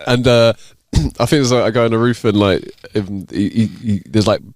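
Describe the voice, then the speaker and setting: A man's voice: on the low side, moderate pace, a little mellow, no echo. A man co-hosting a comedy podcast, telling jokes in rambling, casual chat and laughing at his own lines. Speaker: podcast co-host.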